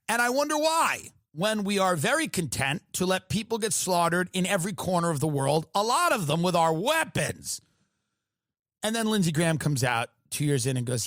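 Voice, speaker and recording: A man hosting a comedy podcast, ranting in an animated, sarcastic and profane way. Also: high-pitched, no echo, clean studio sound. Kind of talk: comedic rant.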